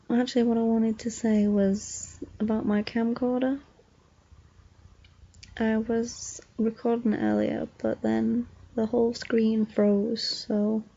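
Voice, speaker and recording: A woman's voice: on the high side, creaky, lo-fi sound. A young woman chatting casually in a vlog while lying in bed, sleepy and yawning, drifting from thought to thought. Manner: drowsy, meandering, soft-spoken. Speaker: vlogger.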